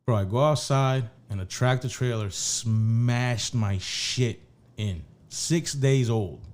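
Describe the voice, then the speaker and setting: A man's voice: mid-range voice, slow pace, darkish tone. Male podcast co-host, loose profane storyteller, restarts mid-sentence. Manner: rambling, profane, restarts often. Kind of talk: casual storytelling chat.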